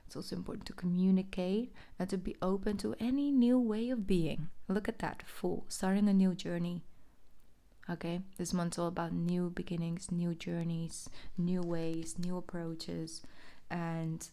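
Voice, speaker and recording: A young adult woman giving a casual tarot reading, reassuring and chatty, sometimes dropping into soft whispered asides. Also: fairly low pitch, level tone, measured pace. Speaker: tarot reader.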